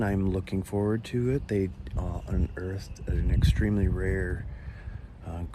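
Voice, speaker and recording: A man with a fairly low voice talks casually as he walks along a beach lagoon, greeting viewers by name and chatting loosely. He speaks into a plugged-in mobile mic, and outdoor wind and nature noise are clearly heard behind him. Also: fairly even intonation, a little slow. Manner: chatty, reads viewer comments aloud, nervous laughs. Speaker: livestream host. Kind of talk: casual walking livestream chat. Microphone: plugged-in mobile mic while walking.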